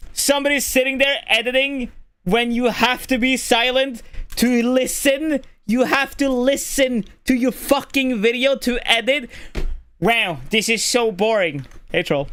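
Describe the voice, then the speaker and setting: A man's voice: very high voice, sharp tone. A man from Norway streaming live, ranting at his chat in a profane, irritated way.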